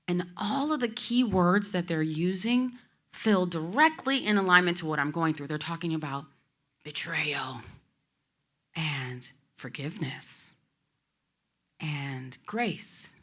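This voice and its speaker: Heartfelt woman with a bright, forceful voice. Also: low voice. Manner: emotional, heartfelt, addresses audience directly. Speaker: speaker. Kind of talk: inspirational personal storytelling. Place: expo talk before an audience.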